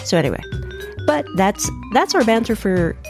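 A woman's voice: medium pitch, big pitch swings, over music. A woman co-hosting a podcast, upbeat and leading the segments. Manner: upbeat, leads segments, quick reactions. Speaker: podcast co-host. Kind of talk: casual chat.

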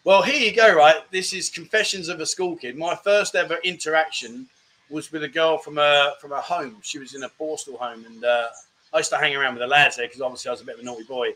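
A man's voice: fairly high pitch, fairly even intonation, fast talker, sharp tone. A middle-aged British man hosting a casual live-stream chat show, reading viewer comments in a jokey, rambling way and calling people mate.

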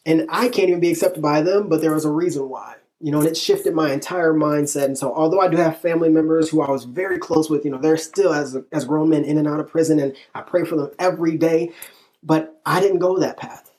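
A man from northern Illinois tells a personal story as an interview guest. his narration is lively, he acts out the dialogue of the people in it, and laughs come up often between lines. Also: a little high, brisk. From northern Illinois, USA.

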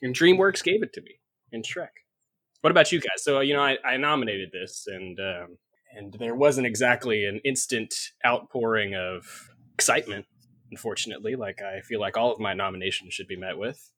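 Male co-host, playful teaser, bright husky voice, dry sound. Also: lowish voice, moderate pace, no room sound. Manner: teasing, playful. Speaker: podcast co-host. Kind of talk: casual chat.

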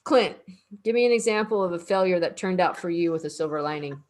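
Female discussion host, lower pitch, steers with questions. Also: expressive, quick pace, a little mellow. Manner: prompting questions, summing up points. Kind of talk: casual discussion.

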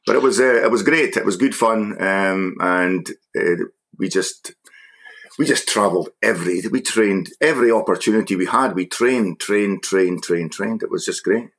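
A man with a fairly low voice chats casually as a guest. He reminisces in a halting, stop-start way, often repeating himself before the thought comes out. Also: a bit bright. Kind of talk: casual conversation.

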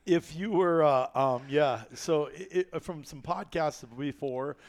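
A man from Iowa hosts a podcast in loose, casual chat, his voice sitting a touch high. He jokes, trails off and restarts his sentences. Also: a little slow, darkish tone. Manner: rambling, joking, with many fillers and restarts. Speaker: podcast host.

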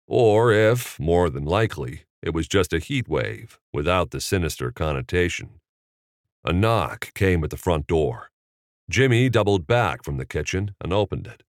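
A man narrating an audiobook chapter in a measured, expressive reading. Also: deep voice, dry recording, studio quality. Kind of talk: scripted narration.

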